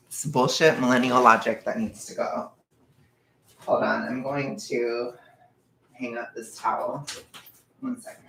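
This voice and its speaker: A nervous young man vlogging casually from his bedroom, rambling and self-conscious, sometimes dropping into hushed asides. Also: mid-range voice, steady tone, measured pace, creaky, pauses often, a little hiss or hum. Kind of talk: casual confessional chat. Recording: echoey room.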